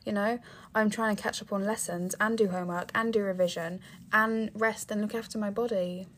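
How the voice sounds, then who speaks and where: A woman's voice: mid-range voice, steady tone, a little fast, fairly bright tone, slight background noise. A teenage girl from England hosting her own podcast, rambling casually with many fillers and restarts, sounding tired. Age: teens. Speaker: podcast host. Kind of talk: casual monologue.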